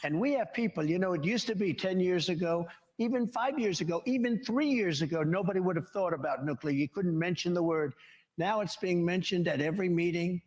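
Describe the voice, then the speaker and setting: An older man in his seventies answers questions at a town hall, his voice a little higher than most men's. He rambles from one story to the next and boasts along the way. A long reverb from a large hall trails after his words. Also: brisk, darkish tone. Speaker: interview guest.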